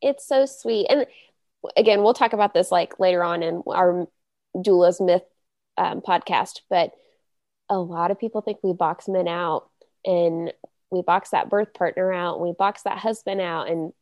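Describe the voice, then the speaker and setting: A woman co-hosting a podcast in an earnest, chatty way, her voice dark and mellow with a gravelly fry. The sound is dry and close, with no room around it. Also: fairly low pitch, a little slow, no room sound. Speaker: doula podcast co-host. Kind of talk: casual podcast chat.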